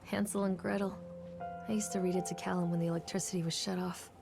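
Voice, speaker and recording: A woman's voice: on the low side, level tone, fast talker, gravelly. A woman voicing a game character, a mother remembering her son in a wistful, reflective inner monologue. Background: game music.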